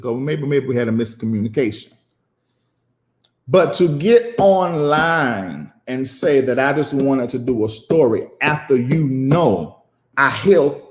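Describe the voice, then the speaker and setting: A man who is a preacher and show host giving emotional live-stream commentary, emphatic and preachy, repeating phrases and pausing at length. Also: medium pitch, reverberant.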